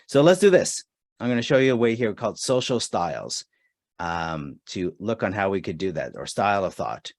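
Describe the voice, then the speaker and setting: A man's voice: fairly low pitch, sing-song, moderate pace, dry recording, clean studio sound. A man running a live online customer service training, talking casually and reading chat answers aloud with many fillers. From Canada. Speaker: webinar trainer.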